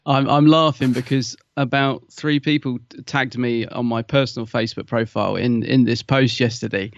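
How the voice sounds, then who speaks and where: A man co-hosting a casual podcast, animated and self-deprecating, acting out little quotes as he talks. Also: medium pitch, moderate pace, gravelly, no room sound, dull audio. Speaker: podcast co-host.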